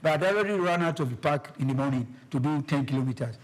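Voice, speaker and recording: A man with a Nigerian accent, a guest telling an animated story and acting out the people in it. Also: fast. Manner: acts out quoted exchanges, shifting pitch for each person.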